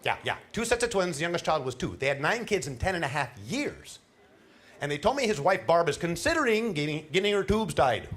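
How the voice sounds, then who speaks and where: A middle-aged man doing a stand-up comedy set on a cruise ship, telling animated stories with laughs and put-on voices. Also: on the high side, a little fast. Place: cruise ship show lounge.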